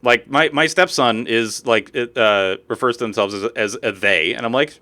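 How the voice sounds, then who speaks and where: A man co-hosting a live stream, chatting casually and profanely with animated swings in tone. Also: mid-range voice, normal speed, few pauses. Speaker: streamer co-host. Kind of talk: casual chat.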